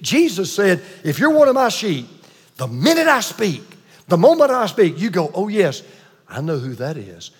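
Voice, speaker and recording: Older male pastor, high husky voice, preaching in a big reverberant church. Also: huge pitch swings. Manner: emphatic preacher with dramatic pauses and asides. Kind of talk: sermon.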